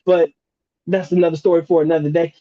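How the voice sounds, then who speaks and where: A man's voice: fairly high pitch, level tone, fast talker, dark tone, no room sound, muffled recording. A man from North Carolina, hosting a live question-and-answer stream in a casual, slangy, profane way and often laughing. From North Carolina, USA. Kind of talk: casual livestream chat.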